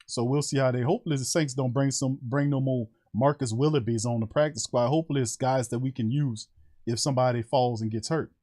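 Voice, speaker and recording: A man hosting a casual sports talk show, animated and conversational, speaking to fans as family. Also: medium pitch, brisk.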